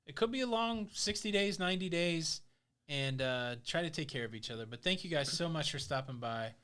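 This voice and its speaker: A man's voice: fairly high pitch, animated, fairly quick, pushed and bright, clean tone. A man hosting a casual live stream, joking, teasing and reading out viewer comments.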